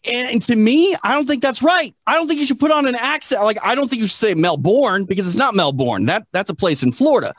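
A man's voice: very high voice, lively intonation, fast talker, few pauses, fairly bright tone, dry recording, clean studio sound. A man from the United States hosting an interview, chatting in a playful, mock-serious way. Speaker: interview host. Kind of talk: casual interview chat.

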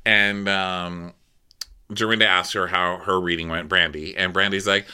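A man's voice: low voice, steady tone, a little slow, bright, forceful tone, clear, resonant tone. A man co-hosting a casual, gossipy recap podcast, telling the story with laughter and animation. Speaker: podcast co-host.

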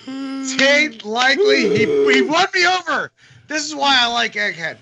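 A man's voice: very high-pitched, huge pitch swings, moderate pace, gravelly, muffled recording, a crowd in the background. A man asking probing questions in casual podcast chat, amused.

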